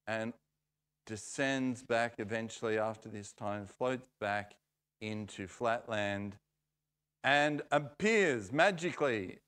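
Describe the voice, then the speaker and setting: A man preaching in church, telling a story in an unhurried, playful way. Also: mid-range voice, fairly bright tone, clear, resonant tone. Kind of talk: storytelling sermon.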